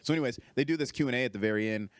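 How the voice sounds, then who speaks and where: A young man, a comedian guest, telling a story in casual, animated chat, swearing freely and jumping up in pitch when he quotes people. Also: racing, dry recording.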